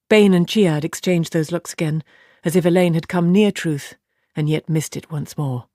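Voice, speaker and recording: A woman narrating an audiobook in an even, steady storytelling voice. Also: fairly low pitch, moderate pace, dry recording, clean studio sound.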